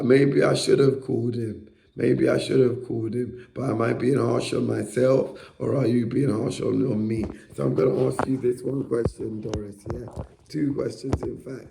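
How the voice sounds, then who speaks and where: Guy going off on a ward nurse, super gravelly growly voice, cussing, echoey room. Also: mid-range voice, mellow. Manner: angry, profane, repeats himself, rhetorical questions. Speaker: psychiatric ward patient. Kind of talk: confrontational rant at a staff member.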